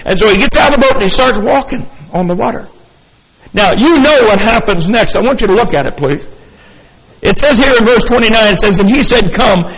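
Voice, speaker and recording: An older male pastor with an unusually high voice preaches in an animated way, acting out the story with chuckles. His voice rings through a church hall with a long echo. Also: a little fast. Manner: animated, acts out scenes, chuckles often. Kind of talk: sermon. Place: church sanctuary.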